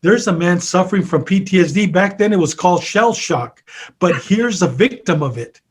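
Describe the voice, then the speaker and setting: A man's voice: sits high, lively intonation, normal speed, breathy edge. An older man, a retired peer counselor, earnestly retelling a story in an interview, full of quoted back-and-forth.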